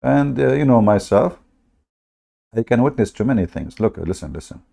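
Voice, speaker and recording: A man's voice: medium pitch, animated, normal speed, vocal fry, dark tone. A man hosting a live stream, talking in a sarcastic, mocking way and often laughing.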